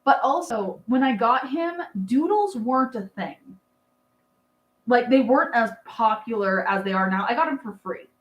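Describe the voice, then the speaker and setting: Woman, 30s, livestream host; chatty, filler-heavy, affectionate, slightly high voice in a roomy space. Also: lively intonation, normal speed, muffled recording. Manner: chatty and rambling, many fillers and laughs; doting on her dog. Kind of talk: casual livestream chat.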